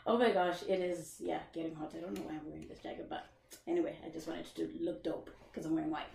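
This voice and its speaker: A woman's voice: sits low, steady tone, quick pace, creaky, darkish tone, echoey room, far from the mic, slight background noise. A young woman hosting a casual live podcast, chatting, laughing often and greeting viewers by name. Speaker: podcast host. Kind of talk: casual live-stream chat.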